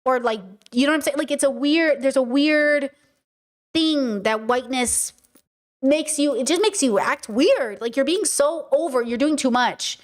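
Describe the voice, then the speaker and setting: A young woman hosts a casual livestream podcast in a high voice at normal speed. She's chatty and emphatic, with many fillers and restarts.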